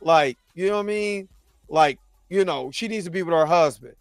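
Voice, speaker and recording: High-voiced animated man recapping a show. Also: normal speed, no echo, studio quality. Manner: animated, acts out characters' lines in his own voice. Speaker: show host. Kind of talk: casual TV recap commentary.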